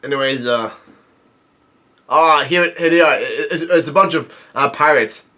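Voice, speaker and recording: A young man reading a manga chapter aloud in a casual, halting way, full of fillers and restarts, and lifting his energy for the quoted lines. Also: on the high side, pushed and bright. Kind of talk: casual read-through commentary.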